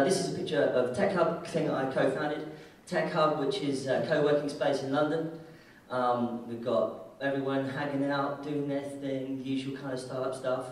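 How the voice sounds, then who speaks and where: A man's voice: medium pitch, darkish tone. A man giving a casual, joking conference keynote talk in an irreverent manner, from the United Kingdom. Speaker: keynote speaker. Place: large conference hall. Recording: echoey hall, mic heard from far off.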